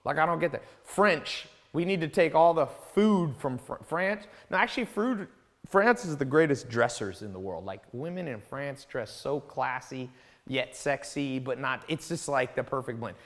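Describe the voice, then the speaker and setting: Blunt ranting man in a reverberant hall. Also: moderate pace. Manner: blunt, ranting, lively swings in pitch and loudness. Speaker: host of a mentoring live call. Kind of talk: animated off-the-cuff lecture.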